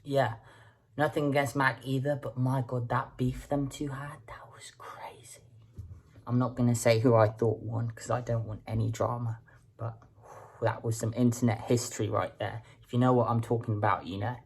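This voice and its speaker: Very deep-voiced husky woman reacting. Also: flat delivery, a little mellow. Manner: halting, repeats words while thinking aloud. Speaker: music reaction video host. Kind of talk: casual reaction commentary.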